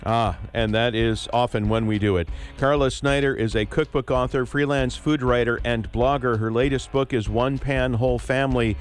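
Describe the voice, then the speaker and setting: A man hosting a public radio morning show, interviewing guests in a relaxed, hesitant way with many fillers. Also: medium pitch, moderate pace, hardly any pauses, smooth, faint music behind. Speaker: radio host. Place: radio studio.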